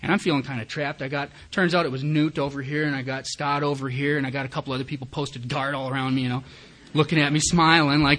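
A man's voice: a little high, steady tone, fast, fairly bright tone, a little hiss or hum. A man giving personal recovery testimony at a meeting, a candid and self-mocking storyteller who acts out his own thoughts.

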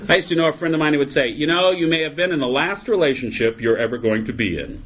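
Middle-aged male meeting speaker, wry and self-mocking, animated delivery with a high voice. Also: fast talker, few pauses, crowd noise, background noise. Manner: wry, storytelling, self-mocking, many "you know"s. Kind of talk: comedic recovery talk to a live audience.

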